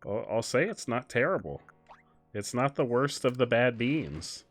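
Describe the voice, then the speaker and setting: A young man streaming a game, chatting casually, switching between muttered asides and loud excited outbursts. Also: mid-range voice, unhurried, faint music behind. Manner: excitable, shifts from mumbling asides to loud exclamations. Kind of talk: casual live-stream commentary while gaming.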